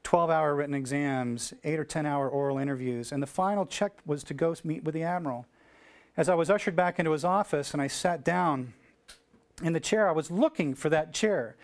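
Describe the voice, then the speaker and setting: A middle-aged American man giving a keynote speech, telling a story and acting out the dialogue with lively energy. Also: fairly high pitch, brisk. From United States. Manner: animated storyteller acting out dialogue, shouting cheers. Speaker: keynote speaker.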